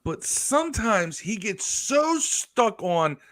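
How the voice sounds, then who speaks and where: A man co-hosting a podcast, talking sports in an animated, storytelling way with casual swearing. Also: high-pitched, takes it slowly. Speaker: podcast co-host. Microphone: live stream podcast mic.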